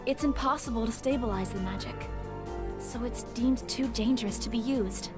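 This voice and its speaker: A woman voicing an earnest young female mage-knight in a video game, speaking calmly and seriously. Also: on the high side, normal speed, close to an everyday voice. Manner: calm, serious explaining. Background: loud game music.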